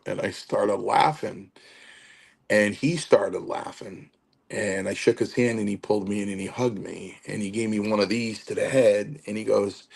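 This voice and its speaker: A man's voice: fairly low pitch, gravelly, husky. A man telling stories in casual chat as a guest, acting out quotes with animation. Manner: animated storyteller, acts out quotes. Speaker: wrestling podcast guest.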